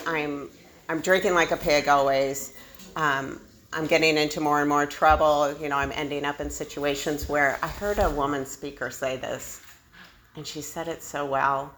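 Low-voiced woman telling her story. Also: bright, forceful tone, slight background noise. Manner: candid and self-deprecating, laughs often. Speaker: speaker sharing a recovery story. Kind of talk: personal storytelling.

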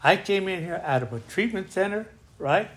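Man, a bit high-pitched, giving a personal testimony at a recovery meeting; emphatic, keeps checking in with the room. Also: expressive, fairly bright tone. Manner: emphatic, rising and slowing when angry, tag questions "right?". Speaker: speaker sharing at a recovery meeting.

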